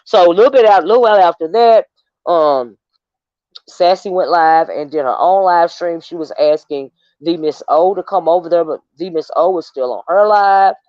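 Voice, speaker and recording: A woman's voice: fairly low pitch, normal speed, a little mellow, no echo. Rambling woman livestreamer, dull dry audio. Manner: rambling, chatty storytelling to viewers. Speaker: livestream host. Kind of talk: casual livestream commentary.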